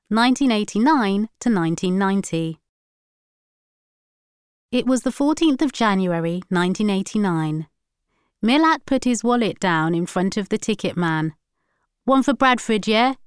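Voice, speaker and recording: A woman narrating a novel chapter in a measured, even reading. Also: medium pitch, clean tone, no room sound, studio quality. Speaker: audiobook narrator. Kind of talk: scripted narration.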